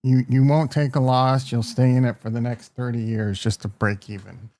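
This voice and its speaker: A man with a Midwestern American accent runs a casual live market stream. His voice is mellow and warm, sitting at an everyday pitch. He's brash and joking, reacting to tickers and tossing remarks at viewers. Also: little pitch movement, moderate pace. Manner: brash, joking, talks to chat. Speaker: market livestream host.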